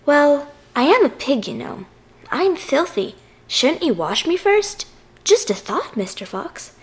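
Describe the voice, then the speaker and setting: A woman's voice: high voice, very animated, unhurried. A woman voicing a clever small male piglet who coaxes politely and slyly. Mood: sly coaxing. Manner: coaxing, falsely meek suggestions.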